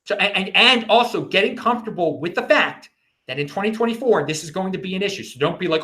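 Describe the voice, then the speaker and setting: A man hosts his own commentary show, talking straight to his viewers. His pitch swings widely as he goes, jumping up high and dropping low. He speaks in a loose, unscripted way, full of restarts and fillers. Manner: animated, halting, many restarts and fillers. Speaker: show host. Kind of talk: casual solo commentary.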